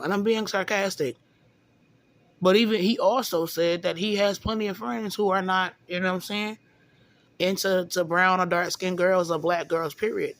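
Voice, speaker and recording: A woman's voice: fairly low pitch, normal speed. A woman venting in a casual monologue, rambling and often stumbling over repeated words. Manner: rambling, repeats words, often says "you know what I'm saying".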